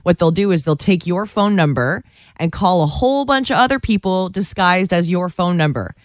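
Woman, radio co-host, lively joking talk, dry sound. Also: lowish voice, normal speed, no room sound. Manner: chatty, jokey, lively storytelling. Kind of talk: casual radio chat.

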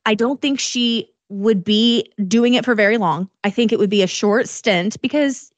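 Podcast co-host, woman, high voice, lively and laughing, slangy; dry close sound. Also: moderate pace, no echo. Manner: excitable, laughs often, colloquial. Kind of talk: casual chat.

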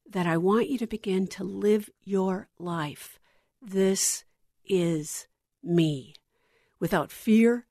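A middle-aged woman hosting a Christian radio show, sharing her testimony in an earnest, intimate way that drops to a hush on tender lines. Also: mid-range voice, dry recording, studio quality. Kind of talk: heartfelt on-air testimony.

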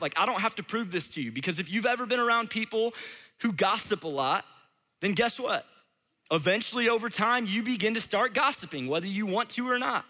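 A man's voice: high voice, pushed and bright. A man in his thirties from Saint Louis, preaching a sermon in a chatty, casual way with lots of "like". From Saint Louis, Missouri. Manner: casual, chatty, heavy use of "like". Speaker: pastor. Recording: long hall reverb.

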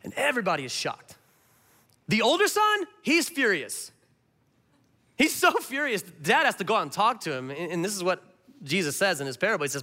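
A male pastor preaching a sermon, telling the story with animated, impassioned delivery that swings between loud and soft. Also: sits high, brisk. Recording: long reverb of a large hall.

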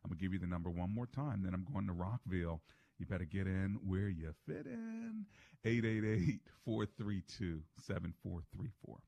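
Male call-in radio host, lowish voice, folksy and affirming, dry studio sound. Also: normal speed, gravelly, no room sound. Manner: lively, folksy, affirming callers. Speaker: radio talk show host.

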